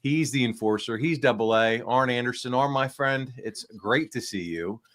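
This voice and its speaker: A man's voice: medium pitch, moderate pace, a bit bright. A man hosting a casual podcast, nasal and congested from the flu, upbeat and rambling with fillers. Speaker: podcast host. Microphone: small backup microphone.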